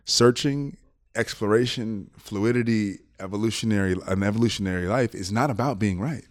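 A man's voice: on the low side, moderate pace. A man in casual podcast conversation, reflective, often laughing and repeating words as he gathers his thoughts. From United States. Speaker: podcast guest.

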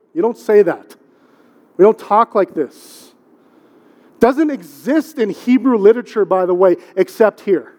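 Here a middle-aged pastor with a high-pitched, slightly mellow voice delivers a conversational sermon full of rhetorical questions and emphatic repetition. He's in a church sanctuary, and long hall reverb fills the recording.

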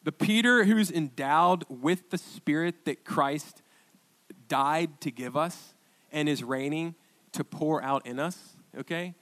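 A man delivers a sermon in a fairly high voice. He preaches in a conversational, emphatic way, acting out the people in his stories as he goes. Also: slow pace, a bit bright. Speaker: pastor.

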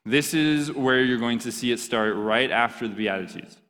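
A man's voice: mid-range voice, normal speed, fairly bright tone, in a large hall. A man giving an interactive, joking sermon to a youth group, quizzing the audience as he reads scripture. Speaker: youth pastor.

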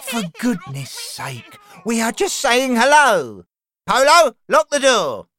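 A man's voice: very high voice, huge pitch swings, takes it slowly, crowd noise, pitched above the performer's own voice, exaggerated voice. A man voicing a cheeky, pushy dog. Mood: bossy. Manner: cheeky, pushy, mock-polite. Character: bold, cheeky male dog making demands. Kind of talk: storybook reading.

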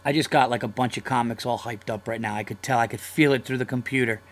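Young male New podcast host, casual profane solo rant, excitable rambler. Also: medium pitch, quick pace, hardly any pauses.

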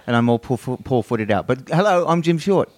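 Brief: man co-host, animated pitch, short playful quips, dry sound. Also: fairly quick, no echo. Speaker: podcast co-host. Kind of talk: casual podcast chat.

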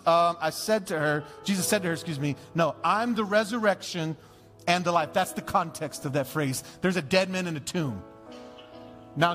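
A male pastor preaching a sermon, telling a Bible story in a lively, conversational way and acting out the scenes. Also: fairly high pitch. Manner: animated, conversational, acts out the scenes. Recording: long church-hall reverb, faint music.

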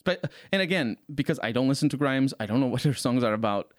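A man's voice: medium pitch, animated, fast, no echo, clean studio sound. A young man in casual podcast chat, earnest and hedging, often restarting his sentences.

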